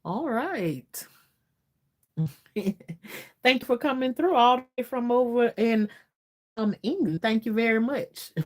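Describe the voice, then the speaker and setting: A Southern-accented woman from Florida, USA, hosts a casual livestream, chatting loosely, reading viewer comments, and laughing often. Her voice is a little high, animated, and a little mellow, and she speaks slowly with long pauses.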